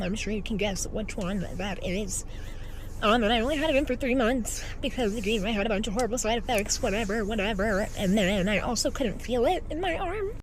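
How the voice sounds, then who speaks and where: A young woman casually telling a storytime with quick asides. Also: mid-range voice, a little hiss or hum, rough recording. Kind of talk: storytime vlog.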